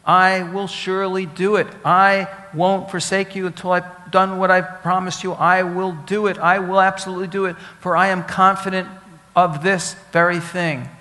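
Preacher, male, somewhat high voice, emphatic and repetitive, questions the flock; long hall reverb. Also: little pitch movement, normal speed, sharp tone. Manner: teaching with Hebrew words, asks the congregation questions; emphatic, repeats key phrases. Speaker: rabbi. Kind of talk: sermon.

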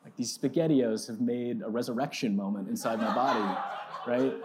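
Animated storytelling male preacher. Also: medium pitch, normal speed, heavy background noise. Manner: animated and self-mocking, swinging from loud excited storytelling to quiet reflection; casual, full of "like" and "right?". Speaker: pastor. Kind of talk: storytelling sermon to a live audience.

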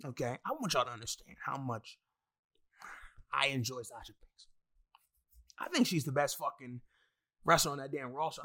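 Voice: mid-range voice, a bit bright. A wrestling fan in a casual, profane rant full of exasperated asides and heavy swearing.

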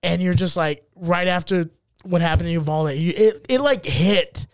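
A man co-hosting a comedy podcast, telling stories in animated, profane banter. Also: high voice, normal speed, no echo, studio quality. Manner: animated, profane, acts out scenes in goofy voices. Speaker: podcast co-host.

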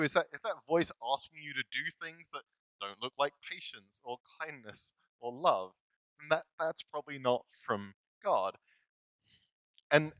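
A man's voice: on the high side, fairly bright tone, no echo, low-quality recording. A male pastor giving a casual, self-deprecating sermon, laughing often as he talks. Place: church.

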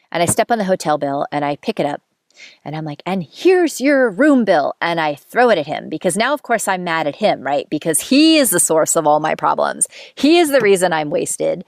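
Low-ish voiced woman rambling thru a story, candid, swears a lot, dry close sound. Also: no echo. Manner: candid, chatty, swears freely, self-mocking. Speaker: podcast host telling a dating story. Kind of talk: casual storytelling monologue.

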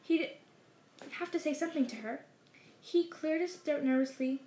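High-voiced woman reading a story aloud. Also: mellow. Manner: measured, with slowed dramatic phrases. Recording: roomy echo.

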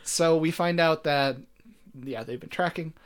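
A man co-hosting a podcast, recapping a TV episode in loose casual chat, rambling with lots of fillers and animated asides. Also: fairly high pitch, a little slow, smooth. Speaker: podcast co-host.

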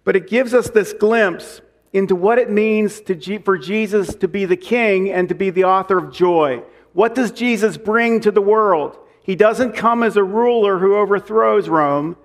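Casting: pastor, man, high voice, preaching a sermon with deliberate repetition. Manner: slows and repeats lines for emphasis; reads scripture aloud.

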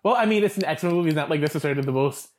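Chatty animated man co-hosting a podcast. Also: fairly high pitch, a loud crowd. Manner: chatty, animated, quick to joke. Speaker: podcast co-host. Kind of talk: casual chat.

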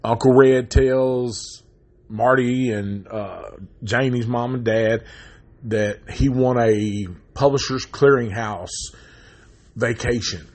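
A man recapping a horror movie in a casual, rambling, heavily profane way that turns loud and animated when he rants. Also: mid-range voice, slow. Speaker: movie reviewer.

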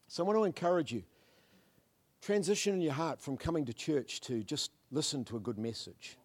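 A man preaching a sermon, swinging between loud, fervent declarations and hushed, murmured prayers. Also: on the high side, animated, moderate pace, long pauses. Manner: mimics churchgoers in asides.

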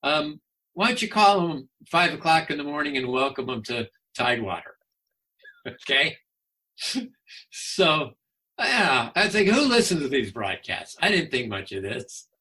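Animated man in his sixties, guest storyteller, with a forceful, slightly raspy voice. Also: on the high side, unhurried. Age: 60s. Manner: chatty, animated, laughs often. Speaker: guest, former baseball announcer. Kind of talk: casual anecdotal storytelling.

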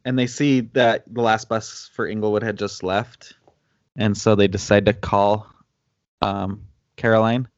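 A man's voice: lowish voice, steady tone, a little slow, no echo, highs cut off. A man co-hosting a casual movie recap chat, laid-back, with ums and laughs. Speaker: podcast co-host.

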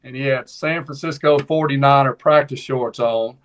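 A man's voice: mid-range voice, moderate pace. Southern man telling folksy stories. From Mississippi. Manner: animated storyteller with folksy phrasing. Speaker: podcast guest, former college football player. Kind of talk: casual storytelling.

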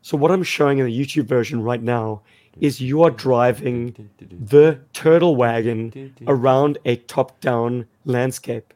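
Croaky-voiced man chatting on a podcast. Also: medium pitch, a little slow, darkish tone. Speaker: podcast co-host. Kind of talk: casual podcast chat.

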